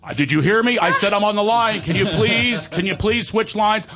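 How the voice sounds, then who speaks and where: A man voicing an angry man on a phone line who shouts and repeats himself. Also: fairly high pitch, fairly even intonation, fast talker, crowd noise, natural voice. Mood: insistent.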